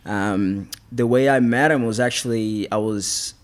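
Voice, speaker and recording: A man's voice: lowish voice, a little slow. A man, a fighter guest on a podcast, telling stories in a rambling, casual way with frequent restarts. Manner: rambling, restarts, laughs often. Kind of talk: casual storytelling interview.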